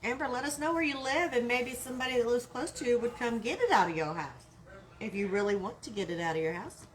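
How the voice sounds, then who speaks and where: Woman, Texan accent, craft live-stream host, chatty, greets viewers by name, fairly high voice. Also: lively intonation, fast talker, a little hiss or hum. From Texas.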